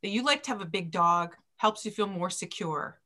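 A woman's voice: medium pitch, expressive, normal speed, sharp tone. A woman co-hosting a podcast in casual, playful chat, laughing often. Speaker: podcast co-host, doula.

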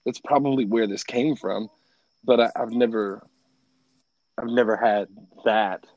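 A man who grew up in Italy, telling stories in casual chat as a podcast co-host, animated and laughing often. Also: fairly low pitch, unhurried, no echo, low-quality recording.

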